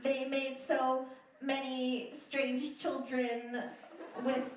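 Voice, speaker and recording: A woman on a theatre stage speaks in a high, bright voice, dropping slow, halting, eulogy-like phrases with long pauses between them. She is picked up from afar, so the sound rings around a big echoing hall over a faint room hum. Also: recorded from a distance. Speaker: performance artist. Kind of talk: live performance art monologue.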